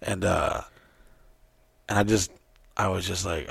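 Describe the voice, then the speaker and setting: A man's voice: low-pitched, fairly even intonation, measured pace, creaky, breathy edge, no room sound. A young man in casual chat, telling crude stories in a rambling, loose way.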